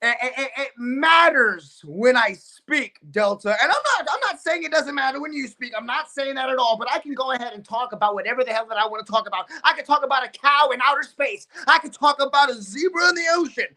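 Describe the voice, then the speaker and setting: A man cutting a boastful wrestling promo as a guest, brash and trash-talking, shifting between rapid-fire and slow, deliberate lines. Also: very high voice, pushed and bright.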